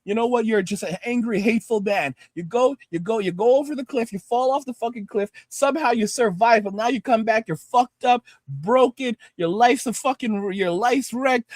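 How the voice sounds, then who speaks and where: Angry guy cussing out his chat, high voice, dry close sound. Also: moderate pace, few pauses, no room sound. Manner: angry, profane, repeats himself, lectures the audience. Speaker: livestream host reading viewer comments. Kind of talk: profane ranting commentary.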